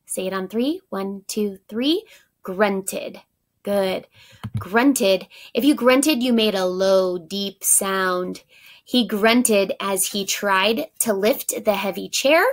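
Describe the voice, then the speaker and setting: Woman teacher for a children's vocabulary lesson; unhurried, encouraging delivery with a gravelly edge. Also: medium pitch. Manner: slow, clear, encouraging, counts along with the child.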